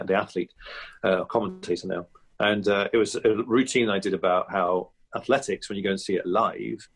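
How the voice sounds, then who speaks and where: A male comedian talks through his craft as a podcast guest, husky and fairly low in pitch. He rambles in a chatty, reflective way, restarting sentences and tossing in asides. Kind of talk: podcast interview.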